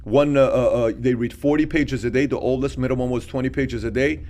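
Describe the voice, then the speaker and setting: A middle-aged man co-hosting a casual podcast chat. He works his ideas out as he speaks, looping back and restarting his phrases. His voice sits at an ordinary middle pitch. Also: fairly even intonation, brisk, darkish tone. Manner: thinks aloud with repeated restarts. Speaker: podcast co-host.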